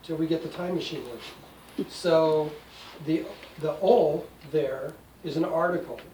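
A man's voice: on the high side, a little slow, warm tone. Older male teacher in an echoey room. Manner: patient, explanatory, wry asides. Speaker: Greek teacher. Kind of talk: classroom lesson. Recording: echoey room, distant mic, faint noise.

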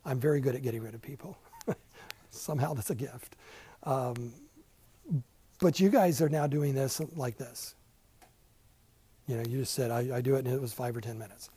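A man's voice: medium pitch, moderate pace, pauses often, mellow, breathy edge, low-quality recording. An older man teaching a casual Bible class in a church classroom, chatty and self-deprecating, with many asides.

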